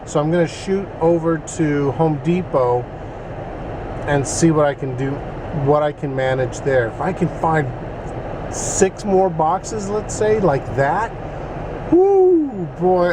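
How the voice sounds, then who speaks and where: A man chatting casually in a vlog, retelling his errands in an animated way. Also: medium pitch, noisy background. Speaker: vlogger.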